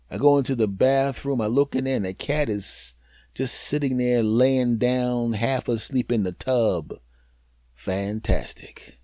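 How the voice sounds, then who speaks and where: A man hosts a podcast and tells a comic story in a middle-pitched voice. His delivery is animated and swings from loud to hushed, with deadpan punchlines. The sound is dry and close. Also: slow pace, pauses often, no room sound. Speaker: podcast host.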